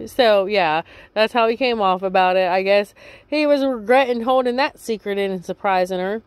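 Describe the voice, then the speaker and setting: A woman's voice: medium pitch, moderate pace, clean tone. A woman casually recapping a reality show episode, rambling and chatty, with lots of filler words.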